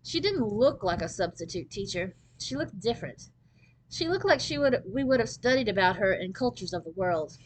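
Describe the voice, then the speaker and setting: A woman reads a children's novel aloud at a steady storytelling pace. Her voice sits at a middle pitch, and she narrates the first-person tale with easy expression. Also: normal speed, slight background noise, low-quality recording. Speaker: storybook reader.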